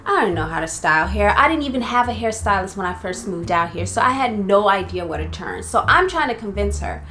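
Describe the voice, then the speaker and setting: A young woman casually telling a personal story for her vlog, chatty and animated, with many fillers. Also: mid-range voice, a little fast. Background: faint background music.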